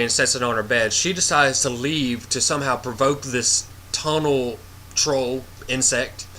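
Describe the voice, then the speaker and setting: A man's voice: mid-range voice, pushed and bright, slight background noise. A man reviewing a movie in a casual, rambling way, blunt and swearing freely as he retells the plot with animation.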